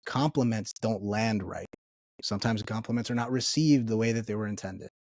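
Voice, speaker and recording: Guy with a lowish voice talking earnest in an interview, keeps tossing in "right?", dry close sound. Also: fairly quick, a little mellow, no room sound. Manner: earnest, often checks in with "right?". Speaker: guest speaker. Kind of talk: conversational interview.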